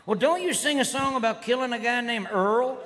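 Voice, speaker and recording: Rowdy comedian, high, loud hall. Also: male voice, a little fast. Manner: rowdy redneck persona, drawling and shouting. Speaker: stand-up comedian. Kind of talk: stand-up routine. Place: live comedy stage. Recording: live hall recording with crowd noise. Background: audience laughter and noise.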